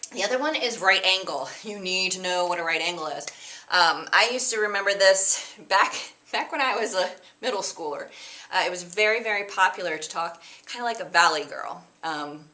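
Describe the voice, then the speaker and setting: Female teacher, bright tone, a bit low-pitched, casual recorded lesson with catchy sing-song rhymes. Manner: chatty, explains with sing-song mnemonics and playful put-on voices. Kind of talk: recorded math lesson for students.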